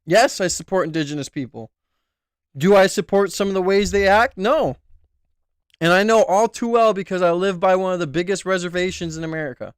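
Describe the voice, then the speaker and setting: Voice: mid-range voice, brisk, clear, resonant tone, dry recording. Rambling, profane livestreamer with a dry sound. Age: adult with children. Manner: rambling and profane, with frequent restarts; jokey, claims to be a comedian. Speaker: livestreamer reading chat. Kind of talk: casual live stream rant.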